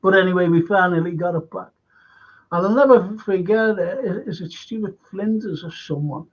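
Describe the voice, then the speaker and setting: Older scouse bloke hosting a chat show, husky voice, dull lo-fi sound. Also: male voice, high-pitched, moderate pace. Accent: Liverpool. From Liverpool, England. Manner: rambling anecdotes, laughs while telling stories. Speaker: radio show host. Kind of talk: casual chat.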